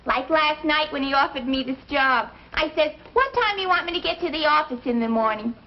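Brief: loud, very high, slangy young receptionist; hissy old TV audio. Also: female voice, animated, a little fast. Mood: chatty. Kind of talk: 1950s sitcom acting. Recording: dull, hissy old TV soundtrack.

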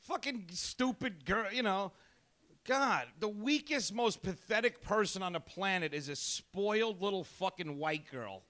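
Picking fights with the audience throughout his stand-up set, a male comedian is abrasive, profane and needling. He speaks unhurriedly in a high, bright, forceful voice with lively intonation.

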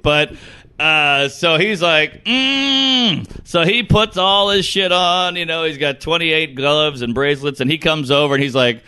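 A man's voice: a little high, moderate pace, pushed and bright, smooth. A man in casual podcast chat, telling a comic story and acting out the people in it.

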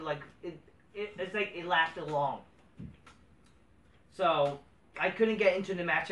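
A man hosting a casual review vlog. He rants with heavy profanity, moving between low mutters and heated outbursts. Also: fairly bright tone, far from the mic. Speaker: host of a wrestling review channel. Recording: roomy sound, away from the mic.

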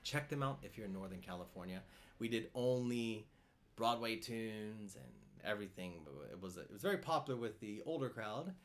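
A man's voice: lowish voice, lively intonation, normal speed. A man hosting a cello live stream, chatting casually, reading out viewer comments and answering them, often repeating his words as he thinks aloud. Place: home in France.

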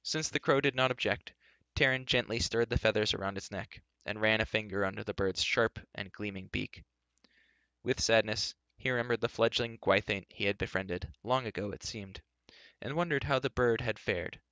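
A man reading a novel aloud in a steady storytelling manner. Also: fairly low pitch, dry recording. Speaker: reader. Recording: dull lo-fi dry recording.

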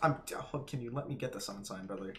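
A man's voice: fairly low pitch, fast, fairly bright tone, slight background noise. A man streaming a hard game live, swearing and laughing, his voice cracking. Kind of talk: live gameplay commentary.

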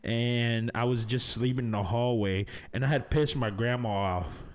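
A man's voice: medium pitch, steady tone, moderate pace. A man hosting a podcast in casual chat, laid-back and swearing freely, calling people baby and man. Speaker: podcast host.

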